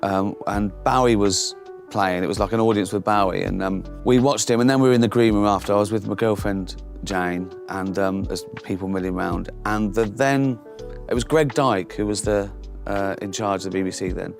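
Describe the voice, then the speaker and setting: A man's voice: fairly low pitch, fairly even intonation, normal speed, gravelly, hardly any pauses, soft background music. A middle-aged comedian telling anecdotes in casual chat, laughing often and mimicking the people in his stories. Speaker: comedian guest.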